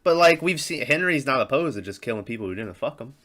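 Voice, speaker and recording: A man with a bright, forward voice co-hosts a casual movie podcast. He rambles with plenty of fillers, swears freely and jumps into quick silly voices to act out scenes. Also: mid-range voice, lively intonation. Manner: rambling, crude, acts out movie lines in voices. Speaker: podcast co-host.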